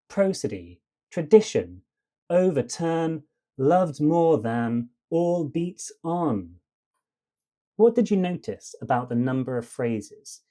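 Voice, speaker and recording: Guy doing spoken word poetry on a podcast, rhymey and on the beat, warm dark tone, leans hard on stressed syllables. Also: mid-range voice. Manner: rhyming, beat-driven delivery with emphatic stresses. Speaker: podcast host.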